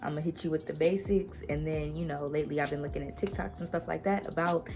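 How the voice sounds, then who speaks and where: Gravelly low-voiced young woman vlogging. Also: steady tone, quick pace, darkish tone. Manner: chatty, slangy, laid-back. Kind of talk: casual chat to camera. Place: her bedroom at home. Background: music playing.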